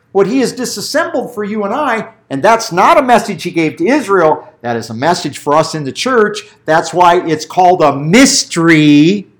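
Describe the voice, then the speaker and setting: A middle-aged male pastor delivering a sermon with a lively, swooping voice that jumps high and drops low. He tells stories in an animated way, slipping into quick acted-out voices. His voice sits a little above the usual male range. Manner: animated storytelling, acts out voices.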